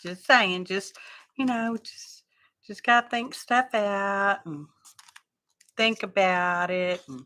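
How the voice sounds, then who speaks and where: A woman's voice: mid-range voice, slow, bright, forceful tone. A woman hosting a craft livestream, chatting casually and thinking aloud with folksy asides.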